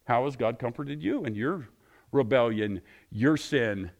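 A male pastor preaching with passion, closing his sermon in prayer and getting louder and higher when excited. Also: unhurried, vocal fry. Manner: passionate, rising loud and high when excited.

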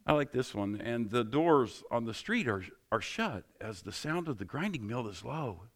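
A man's voice: medium pitch, lively intonation, normal speed. A middle-aged man, a pastor, giving a sermon in a conversational, joking style full of rhetorical questions.

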